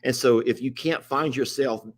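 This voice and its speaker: A middle-aged man speaks into the camera in an emotional, upset rant. He talks plainly and forcefully, circling back to the same points with a voice of ordinary middle pitch. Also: normal speed. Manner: impassioned, repetitive, Southern-style plain talk. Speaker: ranch channel host.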